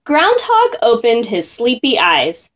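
A woman reading a rhyming children's picture book aloud, slow and expressive. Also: fairly high pitch. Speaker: storyteller.

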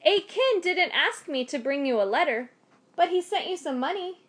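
A woman's voice: very high-pitched, expressive, normal speed, fairly bright tone, voice pushed up. A woman storyteller voicing a kindly, selfless old man who speaks soothingly. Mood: gentle. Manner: soothing, reassuring.

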